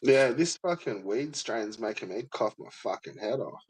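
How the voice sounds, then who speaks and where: A man's voice: fairly low pitch, animated, moderate pace, slight background noise, poor audio. A man chatting casually online as a co-host, laid-back and sweary. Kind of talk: casual chat.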